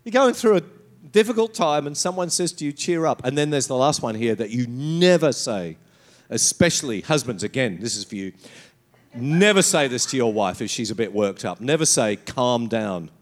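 Animated male pastor preaching a sermon. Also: medium pitch, moderate pace. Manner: animated preaching with mocking quoted asides and laughter.

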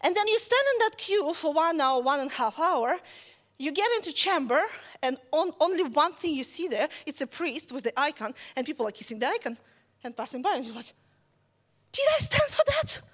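A woman with a high voice preaches in a relaxed, conversational way. She tells a story with lively asides and keeps checking in with her listeners. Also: brisk. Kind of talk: conversational sermon.

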